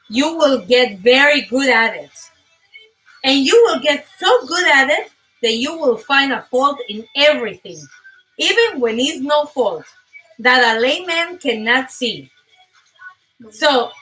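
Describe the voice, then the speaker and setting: Bright high-voiced animated woman host. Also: recorded from a distance, poor audio. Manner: animated, emphatic, laughs often. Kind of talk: live motivational talk show.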